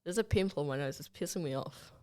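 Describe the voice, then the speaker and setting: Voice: mid-range voice, quick pace, warm tone. A young adult hosts a casual podcast chat, talking bluntly with lots of swearing. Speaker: podcast host.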